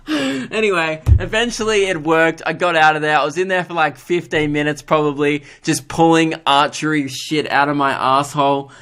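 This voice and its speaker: A young man hosting a solo podcast. He tells a story in a casual, self-mocking way, swears freely and jumps up in pitch to mimic the people he quotes. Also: normal speed. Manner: animated, jumps into higher voices to mimic others. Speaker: podcast host.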